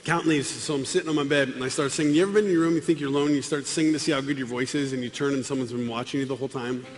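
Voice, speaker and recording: A man's voice: mid-range voice, racing, slight background noise. A man, a Catholic musician and speaker, giving a comedic personal testimony, acting out scenes as he tells them. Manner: animated storyteller, acting out scenes. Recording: long hall reverb with music.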